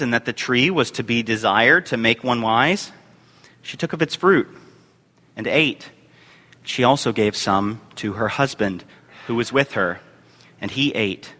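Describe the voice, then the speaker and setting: Bright-voiced man preaching in a reverberant hall. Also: mid-range voice. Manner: measured scripture reading with emphatic rises. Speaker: youth and family minister. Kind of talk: sermon.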